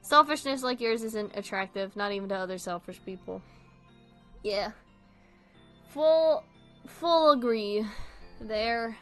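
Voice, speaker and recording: A young woman hosting a casual video, reading online posts and commenting in an animated way, swearing freely and laughing often. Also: on the high side, takes it slowly, pauses often, faint music behind.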